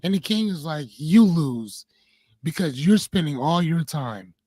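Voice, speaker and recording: A man's voice: fairly high pitch, normal speed, husky, no room sound. A man in his forties, co-hosting a podcast in casual chat, telling a fable loosely with small hesitations. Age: 40s. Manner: relaxed storyteller, paraphrasing a fable with hesitations. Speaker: podcast co-host.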